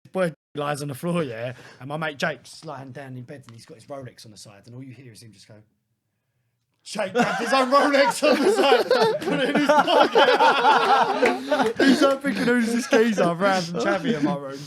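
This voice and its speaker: A man telling lively, laughing stories as a guest on a casual podcast. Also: high voice, moderate pace, a loud crowd. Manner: animated, laughs often, acts out quoted voices. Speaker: guest DJ and producer.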